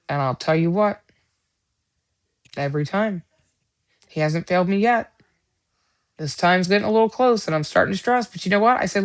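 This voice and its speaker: Middle-aged lady rambling on a church livestream, bit of vocal fry, lots of ums. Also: fairly low pitch, normal speed. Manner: chatty, rambling, earnest faith talk with many fillers. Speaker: livestream Bible study host. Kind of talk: casual chat.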